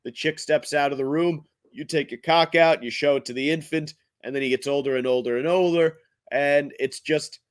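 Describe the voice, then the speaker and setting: A man hosting his own comedy show, delivering a profane rant in a blunt, crude, halting way. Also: a little high, steady tone, no echo. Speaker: podcast host and comedian.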